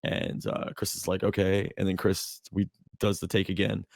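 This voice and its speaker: A man's voice: sits low, level tone, moderate pace, gravelly, no room sound, studio quality. A man co-hosting a podcast, telling a long story in casual chat, rambling with lots of fillers and restarts. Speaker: podcast co-host.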